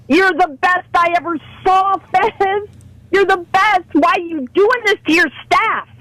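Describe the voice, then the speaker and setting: A woman's voice: extremely high pitch, unhurried, pushed and bright, no room sound, rough recording. A woman calling in to a radio show, talking in an impassioned, pleading, profane rant. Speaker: caller.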